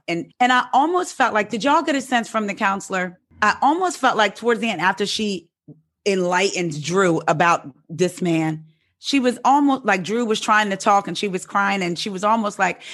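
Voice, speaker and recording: A married woman talking in a casual chat, recounting things with animated delivery. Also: mid-range voice, moderate pace. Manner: animated storyteller, acts out quotes.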